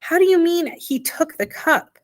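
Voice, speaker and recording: A woman's voice: very high voice, moderate pace, pitched above the performer's own voice. A woman reading the part of a small, anxious mother who frets and pleads in worried questions. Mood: distressed. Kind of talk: audiobook character reading.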